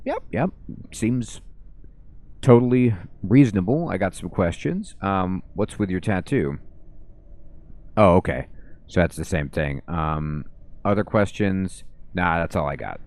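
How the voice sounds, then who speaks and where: A man's voice: low-pitched, lively intonation, measured pace, pauses often, a little mellow. A man giving casual, offhand commentary while playing a game, with many ums. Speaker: let's play host.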